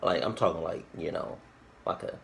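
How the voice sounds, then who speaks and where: A man with a low, gravelly voice talks slowly and loosely, circling around his point with crude jokes and false starts. It sounds like casual reaction commentary, with a faint hiss of noise behind him. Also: poor audio. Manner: rambling, crude jokes, frequent restarts and fillers. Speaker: reaction video host.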